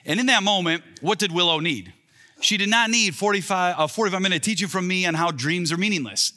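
A man in his thirties, serving as a pastor, delivers an earnest sermon in a high, sharp voice at a fairly quick pace. When he acts out quoted lines, his delivery lifts and rises. The recording carries the long reverb of a large hall.

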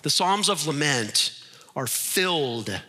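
A man preaching a sermon, animated and acting out the voices in his stories. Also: on the high side, takes it slowly, slightly rough, in a large hall. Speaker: pastor.

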